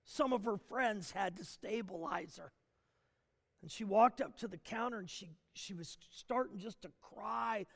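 A man telling a story in a sermon, animated, with frequent restarts and fillers. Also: high-pitched, a little slow, gravelly. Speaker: preacher. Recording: long hall reverb.

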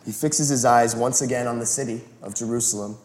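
A male pastor giving a sermon in an animated, conversational way. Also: mid-range voice, a little fast. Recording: roomy echo.

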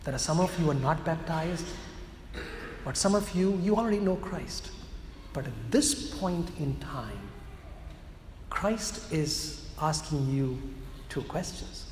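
Male priest, sermon, emphatic with slow low key phrases, roomy church sound. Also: expressive, darkish tone, a little hiss or hum. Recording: echoey church hall with long reverb.

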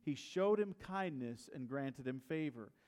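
A man's voice: mid-range voice, lively intonation, measured pace, a little mellow. A male pastor preaching a sermon, retelling a story and asking the congregation questions.

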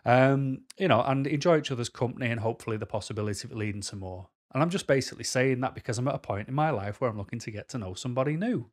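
A man's voice: medium pitch, rapid-fire, few pauses. Jokey, chatty man. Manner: jokey, self-deprecating, chatty. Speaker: YouTuber giving dating advice. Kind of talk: casual vlog talk to camera.

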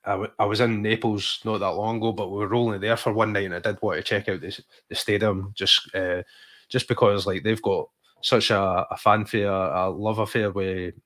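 A man's voice: fairly low pitch, steady tone, moderate pace, a bit bright. A Scottish man co-hosting a podcast, chatting enthusiastically about football and calling his co-host "mate". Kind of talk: casual football chat.

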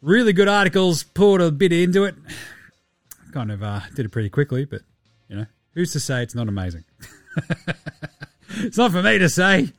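Sweary, laughing Australian podcast host. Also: male voice, a little high, sing-song, dry recording, faint music behind. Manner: loose, sweary and quick to laugh. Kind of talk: casual solo sports podcast.

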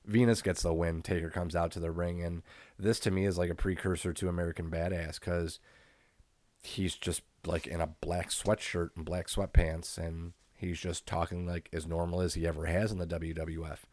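Man, very low voice, laid-back podcast recap, profane, laughs often, dry close sound. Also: flat delivery, moderate pace, a little mellow, dry recording. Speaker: podcast co-host. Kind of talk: casual wrestling recap chat.

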